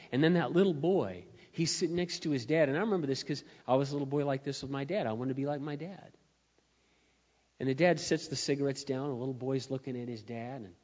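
A man preaching a sermon in a church, telling stories and building to loud, emphatic peaks. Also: medium pitch. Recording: dull sound with long hall reverb.

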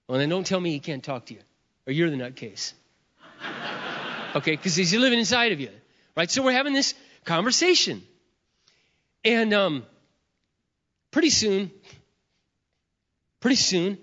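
A man's voice: fairly high pitch, fairly bright tone. A middle-aged man preaching a sermon, telling a personal story with self-mocking humor and acting out both sides of a prayer. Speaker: pastor. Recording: muffled sound in a big reverberant hall.

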